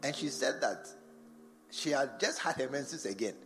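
A man's voice: medium pitch, lively intonation, normal speed. A man preaching a sermon in a large church, firing rhetorical questions at the congregation. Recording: long church reverb with faint music behind.

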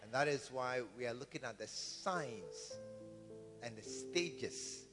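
A man's voice: mid-range voice, animated, slow pace. Preaching man in an echoing church. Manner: storytelling preacher, repeats phrases, calls for amens. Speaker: pastor. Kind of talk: sermon. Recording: reverberant hall with guitar music.

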